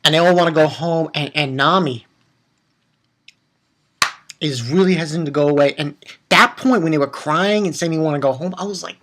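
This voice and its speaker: A man reviewing an anime episode in a rambling, excitable way, stumbling over names and jumping up into high squeals. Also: moderate pace, pauses often.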